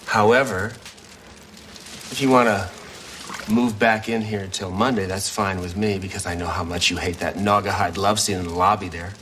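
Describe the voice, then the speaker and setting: A man's voice: low-pitched, steady tone, moderate pace, fairly bright tone, slight background noise, rough recording. An actor playing a wry, dry-witted father in a studio sitcom, delivering teasing wisecracks. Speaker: sitcom lead.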